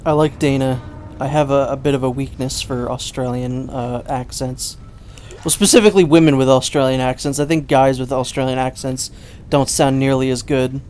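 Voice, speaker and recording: A man's voice: medium pitch, steady tone, normal speed, darkish tone. Rambling man giving let's-play commentary. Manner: rambling, chatty, self-mocking. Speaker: gameplay commentator.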